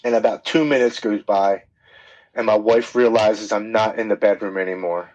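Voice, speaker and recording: A man's voice: on the low side, fairly even intonation, moderate pace, darkish tone, highs cut off. A man guest on a podcast telling his personal story in a candid, plain-spoken way, often restarting his sentences.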